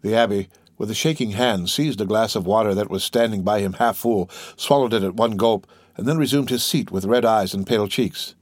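A man narrating a classic novel in a measured, steady audiobook reading. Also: on the low side, no room sound, clean studio sound.

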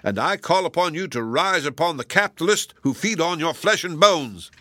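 A man's voice: expressive, normal speed, dry recording. A man doing a ranting scarecrow orator. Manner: shouting, high and forceful. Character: pompous ranting male scarecrow leader.

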